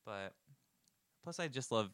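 A man's voice: medium pitch, expressive, unhurried, a bit bright, no echo. Casual rambling man, dry close sound. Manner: rambling, laughs often, trails off. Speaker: podcast co-host. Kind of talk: casual chat.

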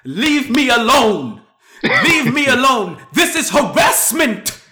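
A man voicing a loud, indignant stranger who stretches and stresses his words. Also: very high-pitched, sing-song, takes it slowly, voice pushed up, full character voice.

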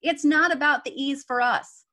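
A woman's voice: high voice, normal speed, pushed and bright. A woman hosting a casual panel discussion, making her points emphatically. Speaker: podcast host.

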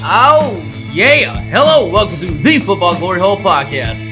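A high-voiced man with a Texan accent hosts a casual sports podcast. He delivers his lines in an upbeat, announcer-like way, with music playing underneath. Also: expressive, normal speed. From Texas. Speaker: podcast host.

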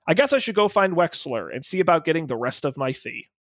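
An animated male game master narrating a detective story, his voice pitched high and swinging widely. Close, dry sound. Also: fast, dry recording. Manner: animated noir narration with playful asides.

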